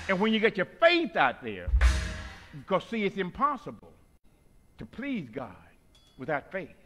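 A man preaching a sermon in a church, whooping and calling out, then dropping to hushed lines. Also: high voice. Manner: whooping call-and-response preaching, swinging between shouts and hushed lines.

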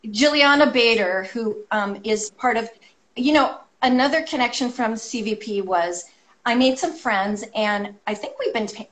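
A woman with a fairly high voice talks over a video call, full of enthusiasm and filler words. She is a guest artist from California in a relaxed chat. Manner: enthusiastic, chatty, many ums. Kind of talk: casual chat.

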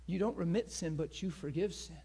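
A man with a high voice preaches a passionate sermon. He climbs to shouted peaks, then drops to a hushed near-whisper, and acts out the crowd's voices with sharp gasps. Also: a little fast, creaky, slightly rough.

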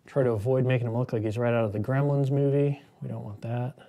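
Host type: man in his thirties, mellow tone, jokey rambling painter chat. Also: mid-range voice, steady tone, quick pace. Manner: joking, rambling into movie tangents. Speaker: miniature painter hosting a painting stream. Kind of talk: casual painting demo chat.

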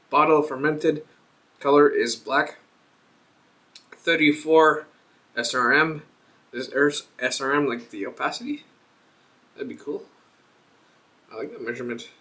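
Bright-voiced man rambling through a review. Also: medium pitch. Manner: rambling, thinks aloud while reading a label. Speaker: beer reviewer host. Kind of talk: casual vlog review.

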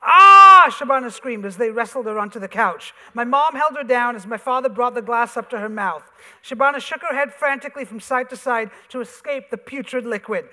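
A man, an author, reading his comic essay aloud on a theater stage with wry, animated storytelling. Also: very high-pitched, brisk. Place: theater stage before an audience. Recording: reverberant theater hall.

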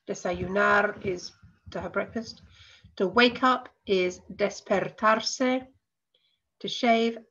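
Husky woman teacher with a cold. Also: mid-range voice, a bit bright, highs cut off. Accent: English. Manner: patient, explanatory, spells out endings slowly. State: has a cold. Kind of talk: recorded online lesson.

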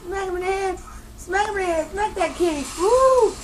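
A woman voicing a feisty, cranky house cat in a squeaky, cussing voice for a home video. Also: moderate pace, a little hiss or hum, low-quality recording. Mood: sassy.

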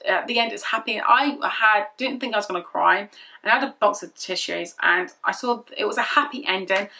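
A woman's voice: mid-range voice, moderate pace, vocal fry, bright, forceful tone. A young woman chatting casually through a product review, rambling and repeating herself as she gushes. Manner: rambling, repetitive and gushing. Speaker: beauty vlogger.

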